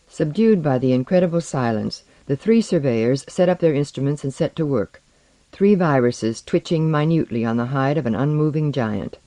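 Audiobook narrator, lyrical and lively pitch, dry close sound. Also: dry recording. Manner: measured, lyrical reading. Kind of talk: scripted narration.

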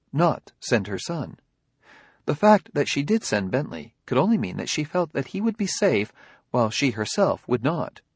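A man reading a story, voicing a calm, unemotional robot detective who speaks quietly and politely. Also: mid-range voice, breathy edge, dry recording.

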